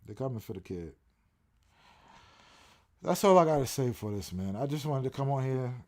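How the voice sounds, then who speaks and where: A man's voice: mid-range voice, expressive, normal speed, a little mellow. A man streaming and ranting casually, profane and repetitive as he reacts. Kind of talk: casual ranting livestream commentary.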